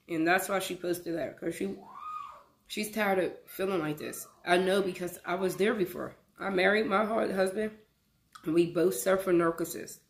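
A woman's voice: lowish voice, gravelly, a little mellow. A woman giving a casual, emphatic reaction commentary to her viewers, often repeating words for stress. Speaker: reaction vlogger.

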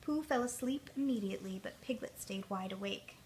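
A woman storyteller reading a children's storybook aloud, clear and expressive. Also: medium pitch, brisk, a little hiss or hum.

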